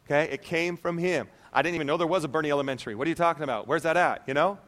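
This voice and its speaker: A male pastor delivers a lively, conversational sermon. His voice sits a little high, and he keeps checking in with the congregation. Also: very fast. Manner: animated, conversational preaching with frequent "okay?".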